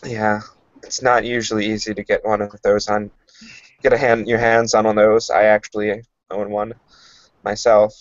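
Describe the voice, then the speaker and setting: A man with a lowish voice speaks calmly and in measured phrases at a tabletop game. The sound is dry and dull, with little room around it. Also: no echo. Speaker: player. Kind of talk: casual tabletop role-play. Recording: dull lo-fi recording.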